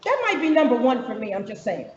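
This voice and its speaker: A woman's voice: on the high side, big pitch swings, fast talker, slight background noise. A woman facilitating a workshop, giving direct, conversational instructions with fillers to the room. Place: large conference room. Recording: echoey hall, distant, dull lo-fi.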